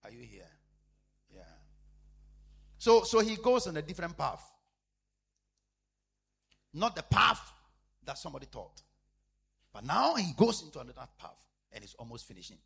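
A man preaching a sermon as a pastor, repeating phrases emphatically and swinging between loud declarations and hushed asides. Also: a little high, big pitch swings, moderate pace, creaky, long pauses, breathy edge.

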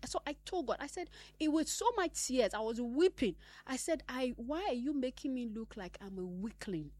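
Impassioned woman preaching a sermon. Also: on the high side. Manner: emphatic, swings between loud exhortation and hushed whispers.

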